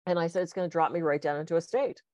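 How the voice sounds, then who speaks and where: A woman in casual conversation, a hypnotist and guest who talks fast and animatedly, acting out the voices in her anecdotes. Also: fairly low pitch, steady tone, a little mellow, no echo. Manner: fast-talking storyteller.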